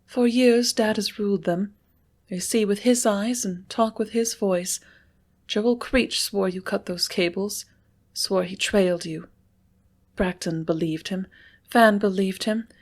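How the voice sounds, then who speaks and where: A woman voicing a passionate young ranch woman in an audiobook, speaking in a tremulous, halting, breathless way. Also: medium pitch, fairly even intonation, a little mellow, close to an everyday voice. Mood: anxious. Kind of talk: audiobook character reading.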